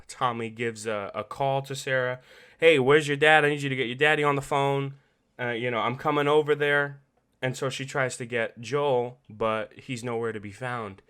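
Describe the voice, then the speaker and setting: A male podcast host talks through a game story in a loose, late-night ramble. His voice is bright and forceful, his talk animated and sprinkled with swearing and laughter. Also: mid-range voice, clean tone. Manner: animated and profane, laughing often.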